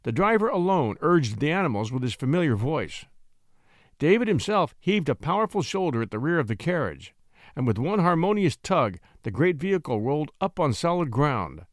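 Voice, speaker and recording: A man narrating a classic short story in an expressive, scripted reading voice. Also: a little high, normal speed, no room sound, clean studio sound. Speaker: audiobook narrator.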